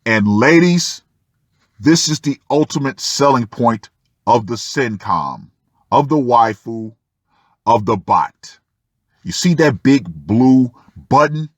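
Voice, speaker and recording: A man reads a story aloud at an unhurried pace, and his pitch rises and falls in a lively way. He cuts in with dry, sarcastic remarks to the listener. The sound is close and dry. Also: no room sound. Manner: sardonic asides to the listener. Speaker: channel host reading an article. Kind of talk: reading a first-person article aloud with commentary.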